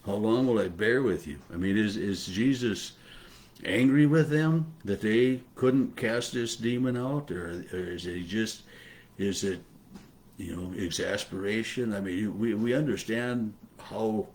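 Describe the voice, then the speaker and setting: A pastor muses aloud through a loose daily devotional on a Bible passage, halting and thoughtful, with plenty of fillers and restarts. His voice sits on the low side and sounds a little mellow.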